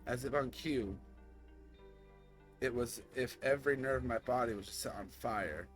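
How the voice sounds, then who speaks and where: A young man reading a story game aloud, slow narration broken by shocked outbursts. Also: medium pitch, faint music behind. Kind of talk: dramatic game read-through.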